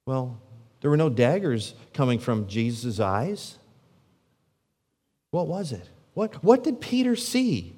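A man, a pastor, preaching a sermon full of rhetorical questions, his voice swinging from loud and emphatic to hushed and low. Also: big pitch swings, slow pace, long pauses. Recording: long reverb of a large hall.

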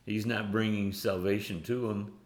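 Deep-voiced male preacher in an echoey room. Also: steady tone. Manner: earnest, halting, with repeated restarts; reads scripture in old-fashioned phrasing. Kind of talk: sermon.

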